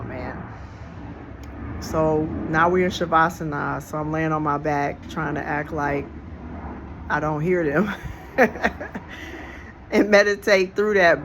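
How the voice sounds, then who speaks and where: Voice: medium pitch, noisy background. A storyteller telling a real-life story in a casual, reflective, slangy way, recorded outdoors on a handheld phone. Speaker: storyteller vlogger. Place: outdoors on a porch. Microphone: phone held in hand.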